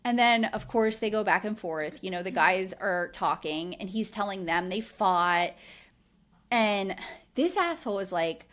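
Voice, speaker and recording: A woman's voice: medium pitch, lively intonation, measured pace, a bit bright. A woman co-hosting a podcast, recapping a reality show in casual, indignant chat full of "like". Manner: indignant, chatty, heavy use of "like". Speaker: podcast co-host.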